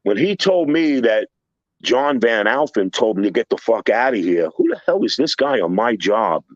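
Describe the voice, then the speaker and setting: A man's voice: fairly low pitch, very animated, moderate pace, no echo, highs cut off. An older man, a construction contractor, telling a profane story on a podcast with heated, acted-out quotes.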